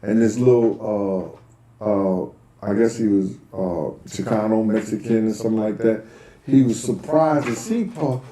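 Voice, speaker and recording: A middle-aged man casually telling a long personal anecdote, rambling with lots of "you know" and "um", and getting loud when he acts out other people. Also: a little slow, a crowd in the background. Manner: rambling, loose delivery with frequent "you know" and "um"; gets loud and high when acting out quoted people. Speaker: storyteller recounting personal anecdotes. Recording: roomy echo.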